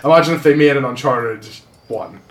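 Male co-host, casual and jokey, middle pitch. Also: fairly quick. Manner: loose, joking, swears freely. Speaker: podcast co-host. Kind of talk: casual chat.

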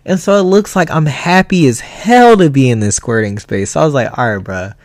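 A young man hosting a casual solo podcast, animated and profane, telling stories. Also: fairly high pitch, brisk, dry recording, studio quality. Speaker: podcast host.

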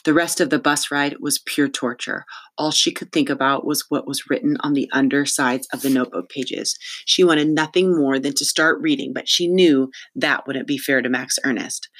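An audiobook narrator reading a children's novel in an even, storytelling manner. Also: mid-range voice. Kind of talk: scripted narration.

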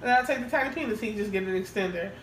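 A woman's voice: mid-range voice, rapid-fire. A woman co-hosting a podcast in casual chat, frank and crude, often laughing as she tells stories. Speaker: podcast co-host. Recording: roomy, distant mic with faint hiss.

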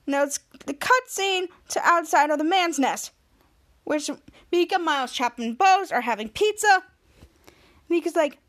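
A woman hosting a podcast, retelling a TV episode in a rambling, excited way and acting out the characters' lines. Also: sits high, normal speed. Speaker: podcast host. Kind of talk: casual episode recap.

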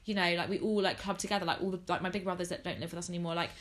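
A woman's voice: fairly low pitch, fairly even intonation, racing, fairly bright tone. A young woman hosting a podcast, chatting casually with a friend and rambling with lots of "like". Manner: chatty, rambling, heavy use of "like". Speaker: podcast host.

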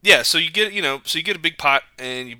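A man's voice: a little high, animated, fast, bright, forceful tone, dry recording. A man co-hosting a podcast, chatting casually and telling jokey stories. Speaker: podcast co-host. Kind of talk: casual chat.

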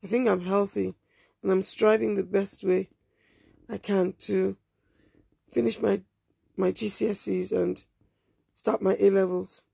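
A woman narrating a first-person story in a quiet, subdued, measured way. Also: mid-range voice, level tone, vocal fry, husky, no room sound.

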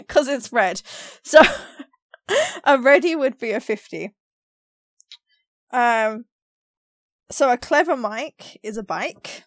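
A woman's voice: on the high side, sing-song, takes it slowly, long pauses, no echo. A woman from England with a London Cockney accent, co-hosting a podcast in casual chat, laughing often as she explains things with examples. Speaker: podcast co-host.

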